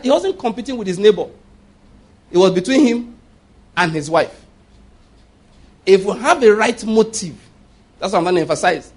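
Emphatic husky preacher man. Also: high voice, expressive, moderate pace, long pauses. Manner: emphatic, repeats points and checks listeners follow. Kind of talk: sermon.

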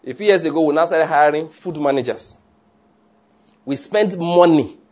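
A man's voice: fairly high pitch, normal speed, darkish tone. A man preaching a conversational sermon, often checking that listeners follow.

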